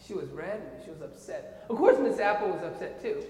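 A man from Korea with a Korean accent, preaching a sermon as an animated storyteller who keeps checking in with his listeners. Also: high voice, a little fast. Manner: animated storyteller, often checks in with "okay?" and "right?". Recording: echoey hall with long reverb.

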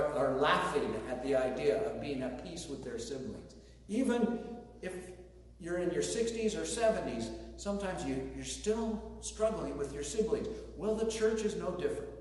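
A man's voice: fairly high pitch, a little mellow. Man preaching in a very echoey hall. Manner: conversational, with joking asides. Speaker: pastor. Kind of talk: sermon. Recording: very echoey hall, distant mic, faint noise.

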